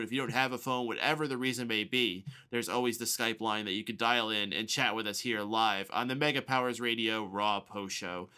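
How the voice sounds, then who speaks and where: A man hosts a live call-in show with a bright, forceful tone. His voice is smooth and resonant. He reads out listener messages and greets callers in an upbeat way. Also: medium pitch. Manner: upbeat, reads listener comments and shout-outs. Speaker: podcast host.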